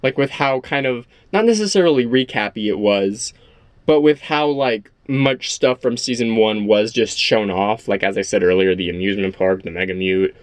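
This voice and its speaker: A young man talking excitedly and rambling about a show he loves, repeating how good it is. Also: lowish voice, moderate pace, no room sound. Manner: gushing, rambling, repeats himself. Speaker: show reviewer. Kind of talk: excited casual episode discussion.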